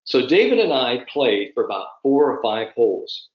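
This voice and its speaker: A man in his fifties, a sport psychologist, telling an anecdote with animated storytelling during an online summit. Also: mid-range voice, normal speed, reverberant, lo-fi sound. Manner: animated anecdotal storyteller, addresses the host by name.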